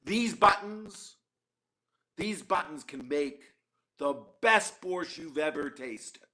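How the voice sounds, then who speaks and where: A man's voice: a little high, expressive, slow, sharp tone, full character voice. A man doing a polite, wheedling little beggar. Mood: polite pleading. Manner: hesitant, stammering, wheedling. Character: hungry, polite, wily male wandering beggar.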